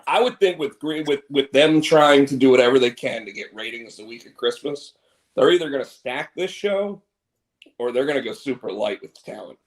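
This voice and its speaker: A man co-hosts a loose wrestling chat, his voice at an ordinary middle pitch. He rambles and restarts his sentences, firm in his opinions. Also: expressive, moderate pace. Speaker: co-host.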